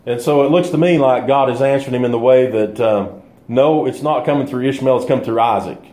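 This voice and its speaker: A man's voice: mid-range voice, fairly quick, dark tone. A man teaching a bible study in a conversational way, thinking aloud with fillers and restarts. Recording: echoey room.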